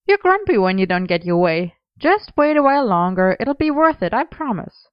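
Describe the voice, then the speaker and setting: Woman doing a brisk, bossy young seamstress. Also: a little high, very animated, smooth, no room sound, highs cut off, voice pushed up. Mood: brisk, teasing. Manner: brisk and teasingly stern. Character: cheerful bossy young woman costume maker.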